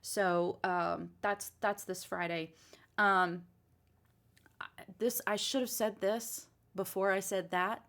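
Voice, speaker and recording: A woman's voice: medium pitch, fairly even intonation, slow, vocal fry, fairly bright tone. A woman co-hosting a casual podcast, chatting earnestly and reflectively with frequent restarts. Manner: chatty, earnest, drifts into reflective church talk. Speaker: podcast co-host. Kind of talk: casual chat.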